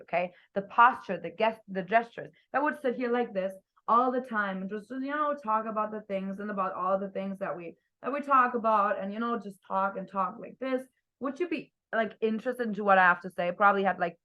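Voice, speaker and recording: Energetic young woman coaching a team. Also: mid-range voice, brisk, muffled recording. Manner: energetic, expressive, swings between loud and soft. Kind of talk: motivational talk on a group video call. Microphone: video call.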